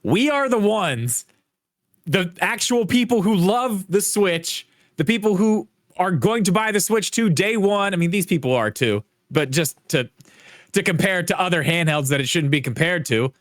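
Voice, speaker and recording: A man's voice: high-pitched, expressive, normal speed, no echo, studio quality. A man co-hosting a casual gaming podcast, ranting with heavy swearing and strong emphasis. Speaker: podcast co-host. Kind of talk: casual opinionated chat.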